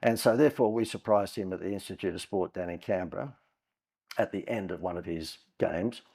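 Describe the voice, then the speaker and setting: A man's voice: sits low, brisk, creaky, warm tone, slightly rough. A man, a guest on a podcast, telling long anecdotes in a chatty way with frequent "uh" fillers. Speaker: guest entrepreneur. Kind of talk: conversational storytelling.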